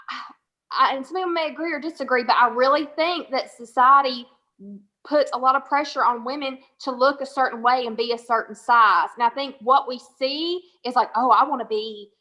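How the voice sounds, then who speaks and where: A woman's voice: high-pitched, bright, forceful tone. A woman in a casual panel discussion who hedges and circles back to make her point.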